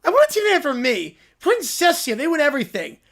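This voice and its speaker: A spoiled cartoon little princess insists on getting her way in a very high, bratty voice, as an actor plays her. She sounds demanding and self-important. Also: wildly swooping pitch, fairly quick, a bit bright, full character voice.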